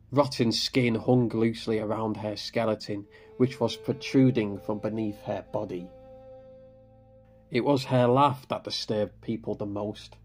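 A man tells a horror story in a grave, measured voice. His delivery is slow and deliberate, his pitch on the low side. Soft music plays faintly behind him. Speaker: narrator. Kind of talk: scripted horror narration. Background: faint background music.

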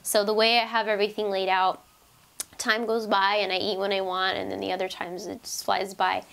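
A woman's voice: mid-range voice, level tone, fairly quick, creaky, a bit bright, smooth, rough recording. A young woman chatting casually to camera as a diet vlogger, with lots of fillers and restarts, and her voice is wearing out. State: losing her voice. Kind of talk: casual vlog talk to camera.

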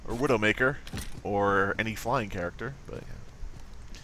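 A man's voice: lowish voice, unhurried, slight background noise. A man streaming a video game live, playful and swearing, giggling and humming nonsense to himself as he plays. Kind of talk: live gameplay commentary. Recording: loud game sounds behind voice. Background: video game effects and voice lines.

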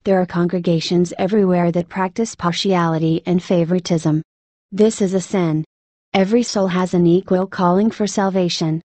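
A woman's voice: lowish voice, steady tone, normal speed, mellow, dry recording. A woman narrating a personal religious testimony in an earnest, emotional, scripted way.

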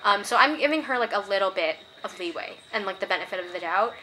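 A woman's voice: medium pitch, animated, quick pace, pushed and bright, slight background noise. A young woman giving a casual book review, passionate and opinionated, getting worked up and reading quoted passages aloud.

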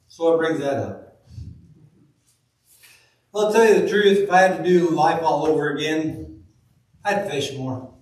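A man preaching a sermon in a church, reading scripture slowly and telling folksy stories. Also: on the high side, darkish tone. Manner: folksy storytelling, slow deliberate reading of scripture. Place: church sanctuary. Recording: very echoey room, from far off.

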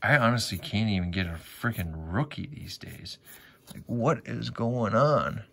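Tearing into sticker packs on camera, this man chats with his audience, curses frequently, and complains when the pulls disappoint. His voice is lowish and a bit bright, expressive and unhurried with vocal fry. Crinkling wrappers and soft clicks fill the background.

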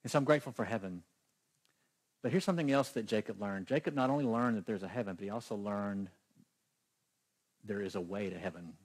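Male pastor, husky timbre, emphatic sermon delivery. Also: lowish voice, a little fast, pauses often. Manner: emphatic, questions the congregation.

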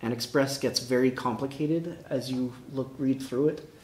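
A man presenting his software project at a meetup, talking casually and laughing often between answers. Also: medium pitch, steady tone, normal speed. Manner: laughing, upbeat, talks in bursts. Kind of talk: casual tech talk. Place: meetup room. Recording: echoey room with faint noise.

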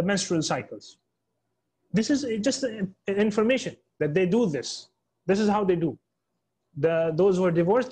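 A man teaching an Islamic studies lesson in English, explaining step by step with many repeats and restarts, and reading quotations quickly. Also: high voice, a little mellow, breathy edge. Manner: reads Arabic quotations quickly, then translates into English. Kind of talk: online class lecture.

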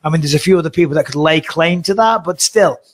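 A man co-hosting a podcast, chatting casually in an animated, rambling way with the odd swear. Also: a little high, fast talker. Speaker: podcast co-host.

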